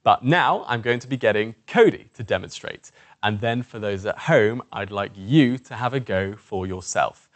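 A man teaching presentation skills in a clear, methodical, encouraging way. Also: medium pitch, no echo. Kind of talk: instructional tutorial.

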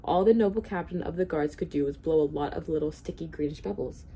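Woman reading a kids book out loud, lowish mellow voice, faint hum behind. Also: fast. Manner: expressive, steady reading. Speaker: hospital volunteer reader. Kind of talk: storybook read-aloud.

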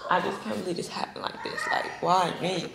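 A man's voice: sits high, little pitch movement, brisk, gravelly. A young man from near Houston, Texas, vlogging casually at home with playful, rambling slang. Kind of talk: casual vlog talk. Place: house indoors. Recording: echoey room with loud background noise.

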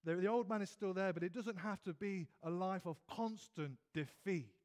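A British man delivers an earnest evening sermon in a church, his voice sitting a little higher than most men's. He often stumbles over and repeats words, then presses his points with rising emphasis. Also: normal speed, darkish tone. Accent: British English. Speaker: preacher.

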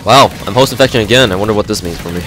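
A man's voice: lowish voice, rapid-fire, over music. A man giving casual, rambling commentary over a shooter game, swearing freely and filling his talk with fillers and restarts. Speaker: gameplay commentator.

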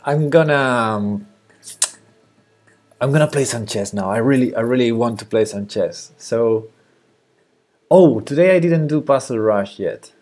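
Slow-talking Spanish-accented man streaming code. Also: medium pitch, animated, darkish tone, soft background music. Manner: thinking aloud, muttering to himself, answering chat. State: tired late at night. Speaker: live-streaming programmer. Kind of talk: casual live-stream chat while coding.

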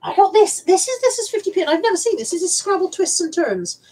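Showing her thrift haul on a live stream, this Bristol-accented woman speaks fast in an extremely high, sing-song voice with a slightly mellow quality. She's chatty and rambling, reads viewer comments aloud, and keeps repeating and restarting her words, all over poor audio.

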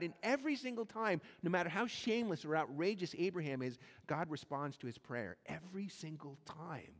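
A male pastor preaching a sermon, animated and acting out the voices in the stories he tells. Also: a little high, moderate pace, hardly any pauses. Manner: animated, acts out quoted voices in his storytelling. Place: church sanctuary. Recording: long church hall reverb.

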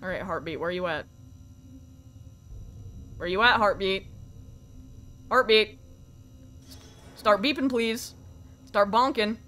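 A young woman streaming a horror game live, reacting with excitement, swearing, and thanking her viewers. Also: mid-range voice, slow pace, pauses often, a little hiss or hum. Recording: music playing faintly behind. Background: faint game music.

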